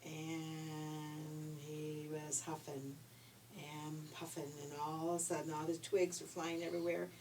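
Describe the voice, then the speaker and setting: A woman's voice: low-pitched, flat delivery, slow. An older woman reading a children's story aloud in a homey, chatty storytelling way. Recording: distant mic, faint hiss.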